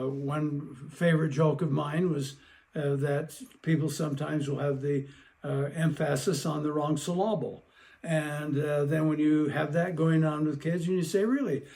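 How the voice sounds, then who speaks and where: A man giving an educational talk on child development, lively and acting out playful exchanges with children. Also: fairly high pitch, creaky. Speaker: parenting expert.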